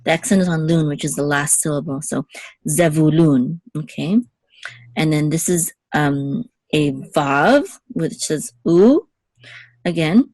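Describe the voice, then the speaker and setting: A woman's voice: deep voice, expressive, unhurried, darkish tone, dry recording. A woman teaching Hebrew reading one-on-one, patiently explaining each letter and vowel and checking in with her student. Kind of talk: one-on-one lesson.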